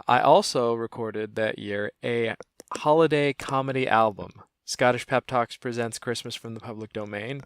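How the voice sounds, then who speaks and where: A man making a wry, self-mocking crowdfunding pitch, speaking in a deadpan way about his comedy business. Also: vocal fry, smooth, dry recording. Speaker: comedian and small business owner.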